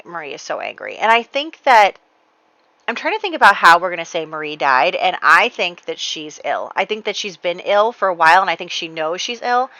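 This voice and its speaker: Woman gamer narrating play, chatty, lowish bright voice, dry dull lo-fi recording. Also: very animated, moderate pace, no echo. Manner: chatty storyteller, many fillers and "like". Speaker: Sims gameplay creator. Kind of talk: casual gameplay narration.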